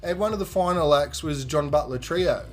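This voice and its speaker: A young man tells a rambling festival story on his podcast. His voice sits a touch high, and he jumps between narration and lively impressions of the people in the tale, swearing casually as he goes. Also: moderate pace. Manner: animated, acts out quoted voices, swears freely. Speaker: podcast host.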